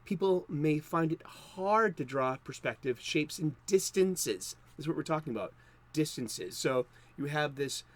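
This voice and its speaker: Male host, unscripted and rambling, slightly high pitch. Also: lively intonation, a little slow. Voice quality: rambling, many fillers and restarts. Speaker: comics video host. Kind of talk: unscripted casual talk.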